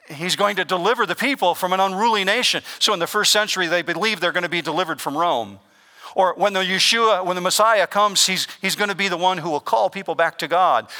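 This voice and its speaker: Man, pastor, sermon, emphatic preaching, very bright edgy tone, slightly high voice, long church reverb. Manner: emphatic preaching with dramatic pauses and swings in volume. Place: church sanctuary. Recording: long reverb of a large hall.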